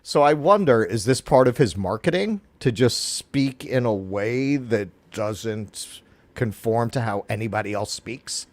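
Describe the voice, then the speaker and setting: A man's voice: medium pitch, lively intonation, a little slow, no echo. A man co-hosting a political stream, musing thoughtfully and telling anecdotes in casual talk. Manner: thoughtful, anecdotal, does voices in stories.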